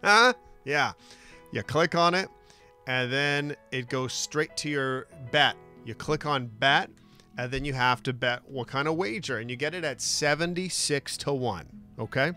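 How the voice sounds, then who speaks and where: A man hosting a sports talk show, telling stories in a lively, casual way. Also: mid-range voice, a little slow, faint music behind. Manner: animated storytelling with laughs.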